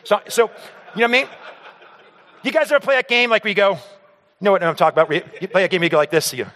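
A man with a fairly high voice tells a personal story to a crowd, acting out the scenes as he goes. He stammers and repeats words as he talks. His voice rings out with the long reverb of a big hall. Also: fast, sharp tone. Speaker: speaker telling a personal story to an audience. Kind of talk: storytelling talk on stage.

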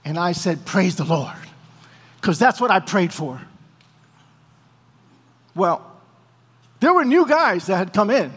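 A man preaching a sermon as a lively story, acting out the people in it. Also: high voice, slow pace, long pauses, breathy edge, in a large hall. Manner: animated storyteller, acting out dialogue.

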